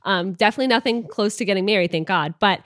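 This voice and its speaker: A woman co-hosting a casual movie podcast, talking in a candid, animated way. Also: medium pitch, fast talker, no echo, studio quality. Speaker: podcast co-host.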